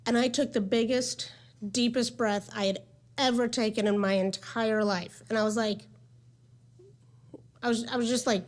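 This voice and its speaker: A woman's voice: on the high side, fairly even intonation, moderate pace. A woman in her forties gives a candid, conversational talk at a medical conference, telling her own story and speaking with frequent "um" and "like". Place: conference session room.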